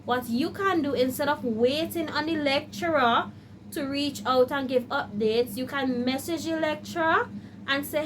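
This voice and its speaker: High-voiced, animated woman telling a story. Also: normal speed, background noise. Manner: animated, addresses viewers directly; acts out her own past panic in quoted asides. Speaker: law student vlogger. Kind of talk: casual storytelling vlog.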